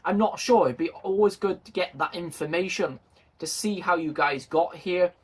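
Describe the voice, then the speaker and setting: A man's voice: sits high, moderate pace, breathy edge. A man chatting casually and jokingly to his video viewers, self-deprecating and friendly. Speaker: model railway YouTuber.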